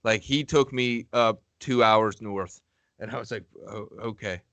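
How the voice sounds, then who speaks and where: A man co-hosting a podcast talks with a Western Pennsylvania accent in a smooth, clear voice. He tells a laid-back, swearing story. The room sounds dry and close. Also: mid-range voice, unhurried, a bit bright, dry recording. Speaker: podcast co-host. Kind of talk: casual chat.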